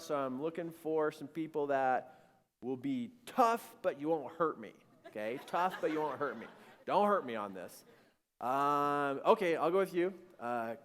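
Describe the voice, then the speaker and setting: Guy preaching, lively up-and-down voice, big echoey hall. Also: a little high. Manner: animated storyteller, acting out voices. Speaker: speaker. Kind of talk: storytelling sermon to a live audience. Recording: long-reverb hall.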